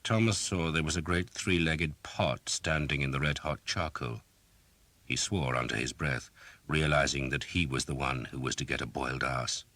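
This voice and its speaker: A man reading an audiobook in a measured, dramatic narration style, close to a studio mic. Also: very deep voice, fairly even intonation, sharp tone, no room sound. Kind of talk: scripted narration.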